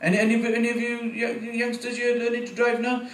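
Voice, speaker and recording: A man's voice: extremely high pitch, monotone, quick pace, a bit bright. A nervous man in his forties doing a rambling, sweary first stand-up set, chuckling at his own jokes. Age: 40s. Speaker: first-time stand-up comic. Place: small venue with live audience. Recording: echoey room recorded from a distance, faint ambience.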